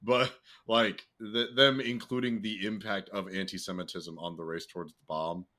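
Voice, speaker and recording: A young man co-hosting a casual podcast, talking freely with swearing and laughter, jumping into a high excited voice. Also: moderate pace. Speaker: podcast co-host. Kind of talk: casual chat.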